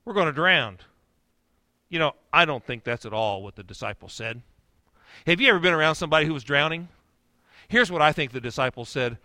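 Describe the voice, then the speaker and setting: A male pastor preaching a sermon, telling the story in a lively way that swings from hushed lines to loud outbursts. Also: on the high side, a little fast, pauses often.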